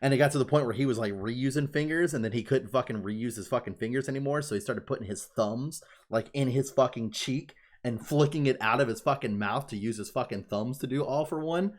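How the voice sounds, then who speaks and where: A man casually retelling a story on a podcast, excitable and profane, full of "like" and swearing. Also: mid-range voice, fairly quick, few pauses. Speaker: podcast co-host. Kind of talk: casual chat, retelling an anime plot.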